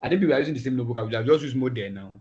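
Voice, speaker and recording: A man teaching a class online, talking in halting phrases and often repeating words as he thinks aloud. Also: medium pitch, dark tone. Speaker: instructor. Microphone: video call. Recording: dull lo-fi video call audio.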